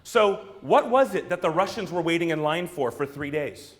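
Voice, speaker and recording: A man's voice: fairly high pitch, lively intonation, normal speed. A man from the United States giving an emphatic keynote talk to a room, firing rhetorical questions and theatrical asides at the audience. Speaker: brand strategist, speaker.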